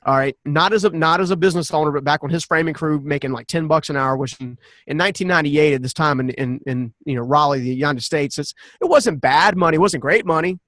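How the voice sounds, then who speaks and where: A man in his forties, a podcast guest, telling a personal story in an animated, earnest way and often restarting his sentences. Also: a little high, quick pace, few pauses, no room sound. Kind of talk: personal storytelling in a conversational interview.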